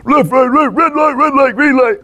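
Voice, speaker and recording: Man doing a hulking deaf mechanic: high, squeaky, giving directions from the back seat. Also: normal speed, sharp tone. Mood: directing.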